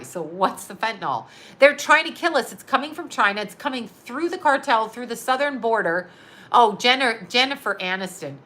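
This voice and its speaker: A woman's voice: a little high, bright, forceful tone. A middle-aged woman hosting a live show, ranting heatedly and sarcastically and swearing freely. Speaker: psychic medium and live show host. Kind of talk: casual rant to a live audience.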